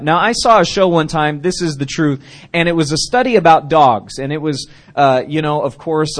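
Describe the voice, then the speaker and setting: A man preaching a casual youth sermon at a church service, chatty and jokey, with frequent restarts. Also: sits high. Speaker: youth pastor.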